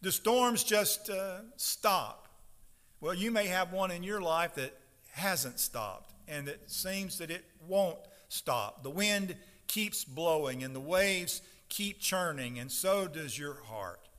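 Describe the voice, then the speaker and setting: A man's voice: high voice, expressive, takes it slowly. A man in his fifties preaching a sermon to his congregation, talking plainly and then raising his voice to stress the words when he reads scripture. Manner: emphatic preaching, rising to loud scripture readings. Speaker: pastor. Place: church sanctuary. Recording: long hall reverb.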